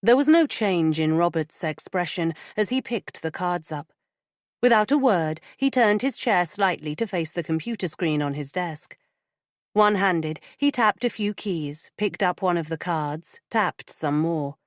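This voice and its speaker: In scripted audiobook narration, a woman tells the story evenly and in a measured way, her pitch fairly low. The studio-quality audio has no echo.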